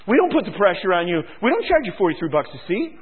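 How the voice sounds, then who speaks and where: A man's voice: sits high, very animated, fast, husky. A man preaching a sermon as pastor, sarcastic and emphatic, mocking his listeners. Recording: tinny phone-like recording.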